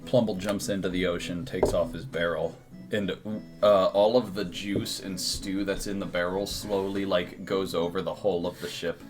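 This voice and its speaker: A man taking part as a player in a tabletop game, with deadpan, goofy in-character talk. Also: low-pitched, moderate pace, music in the background.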